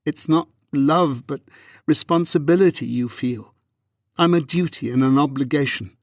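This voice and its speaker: A man voicing a hurt, proud young Regency wife in an audiobook, with a husky, measured and restrained delivery. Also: on the high side, dry recording, studio quality, pitched above the performer's own voice. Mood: wounded. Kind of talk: audiobook reading.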